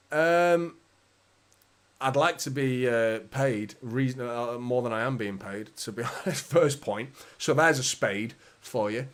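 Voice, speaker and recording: A man's voice: mid-range voice, unhurried, a bit bright. A man from England hosting a live football fan stream, casually reading and answering chat comments, chatty and swearing now and then. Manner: chatty, defensive, swears casually, laughs between points. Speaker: football fan channel host.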